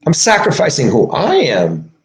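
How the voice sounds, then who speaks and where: A man delivering an emotional monologue, agitated and swearing, swinging from low mutters to shouting. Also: wildly swooping pitch, normal speed, gravelly. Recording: echoey room.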